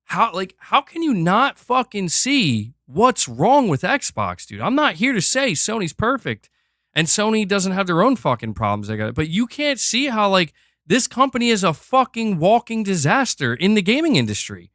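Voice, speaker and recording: A man's voice: high voice, wildly swooping pitch, normal speed, a bit bright, no room sound, clean studio sound. A man hosting a stream, ranting in a heated, profane and exasperated way. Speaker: streamer host.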